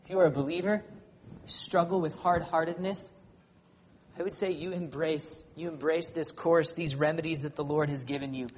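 A pastor preaching a sermon, swinging between loud, high passages and hushed, low ones, and ending by leading a prayer. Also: male voice, fairly even intonation, moderate pace, slight background noise. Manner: closes by leading a spoken prayer.

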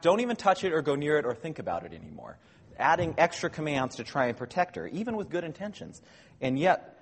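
A man teaching a careful, measured lesson on scripture, explaining line by line and sometimes correcting himself. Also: fairly high pitch, slightly rough, big-room sound. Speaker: Bible teacher. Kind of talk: lecture on scripture.

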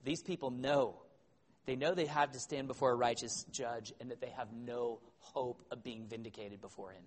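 A man preaching a sermon in an animated, conversational way with wry humor. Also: mid-range voice, moderate pace. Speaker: pastor. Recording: long hall reverb.

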